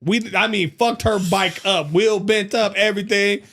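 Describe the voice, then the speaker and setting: Animated, profane man telling a story. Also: high voice, normal speed. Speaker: podcast host. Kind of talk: casual chat, storytelling.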